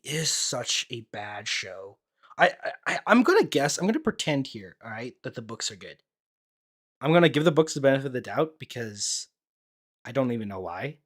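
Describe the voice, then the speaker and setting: A man's voice: mid-range voice, fairly bright tone. Blunt, rambling young man reacting to anime. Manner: blunt, profane, rambling with many fillers. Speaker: anime YouTuber. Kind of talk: casual reaction commentary.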